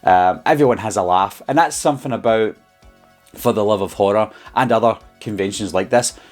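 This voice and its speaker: A man's voice: fairly low pitch, a little fast, darkish tone, faint music behind. A man with a Scottish accent, telling a story in a casual vlog in a chatty, rambling way with lots of ums and uhs. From Scotland. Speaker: horror YouTuber.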